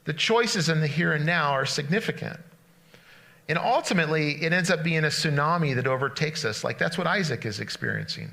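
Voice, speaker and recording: Bright-voiced male pastor preaching. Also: fairly high pitch, a little fast, creaky. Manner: animated storytelling with frequent restarts. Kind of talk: conversational sermon, retelling a story.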